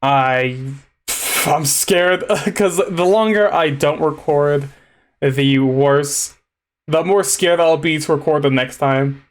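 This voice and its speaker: A man's voice: fairly high pitch, slow pace. A young man with a slightly raised voice rambles through a casual monologue at his desk microphone. He stammers, restarts his sentences and laughs nervously. Thanking his viewers makes him openly emotional. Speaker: vtuber gaming streamer.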